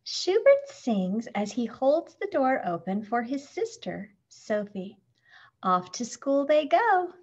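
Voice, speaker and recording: Woman reading a children's story, lilting and breathy, slow, muffled lo-fi recording. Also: on the high side, very animated. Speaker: reader. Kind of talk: children's picture book read-aloud.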